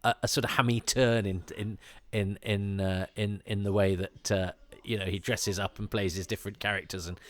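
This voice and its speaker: A man's voice: fairly low pitch, level tone, normal speed. A man hosting a casual commentary while watching an episode, rambling and hesitant, with many fillers, restarts and wry chuckling asides. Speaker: podcast host.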